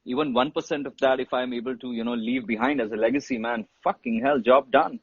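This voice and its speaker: Man, husky voice, dry muffled sound, lively casual storyteller. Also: medium pitch, quick pace, no echo. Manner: animated, swears freely, says bro and dude. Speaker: guest telling a story. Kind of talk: casual storytelling on a live stream.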